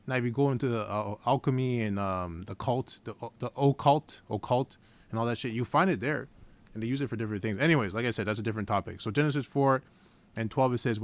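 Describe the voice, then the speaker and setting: A man preaching informally from scripture in a blunt, profane, heated way, reading the verses slowly and deliberately. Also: medium pitch. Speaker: scripture teacher.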